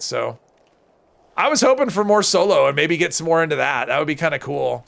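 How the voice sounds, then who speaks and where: Chatty gravelly-voiced man streaming a game. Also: on the high side, animated, brisk, a bit bright. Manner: rambling, chatty, often restarts and corrects himself. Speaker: live streamer. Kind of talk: casual gameplay commentary while reading chat.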